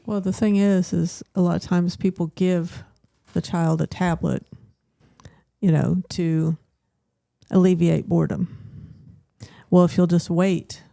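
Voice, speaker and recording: A woman guest on a talk show, explaining her views in a measured way. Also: fairly low pitch, steady tone, gravelly, dark tone, no room sound, studio quality. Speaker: guest, school owner.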